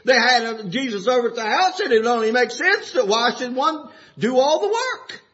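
A man preaching with a strikingly high, bright voice that swings lively up and down. He moves from folksy, chuckling asides into fervent, shouted exhortation. The recording is dull and lo-fi. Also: moderate pace. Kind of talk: sermon. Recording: dull lo-fi sound.

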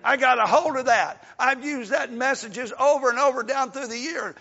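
An older preacher with a very high, gravelly voice that has a bright, sharp edge. He preaches in a folksy way, swelling into shouts and falling back to a soft hush. He is heard on a dull, lo-fi recording with long reverb from the hall. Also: normal speed. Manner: folksy, rising to shouts then dropping soft. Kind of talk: sermon.

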